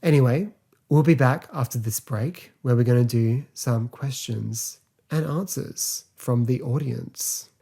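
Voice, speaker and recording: Male podcast host, casual and rambling, warm mellow tone. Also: mid-range voice, creaky, breathy edge. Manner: chatty, rambling, filler-heavy, quick to laugh. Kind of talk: casual solo podcast review.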